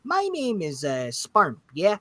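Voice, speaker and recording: A hulking orc barkeep, put on by a man who drops his tough act and chats warmly in a Midwestern US accent. His voice sits a touch high and rings bright. He sounds eager to please his guests. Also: wildly swooping pitch, takes it slowly, no echo, full character voice. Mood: friendly. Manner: genial, chatty, hospitable. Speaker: game master.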